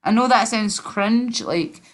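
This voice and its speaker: A woman's voice: a little high, takes it slowly. A woman with a Glasgow accent hosting a casual stream, chatting in a rambling way and swearing a lot. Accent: Scottish, Glasgow. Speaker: streamer host.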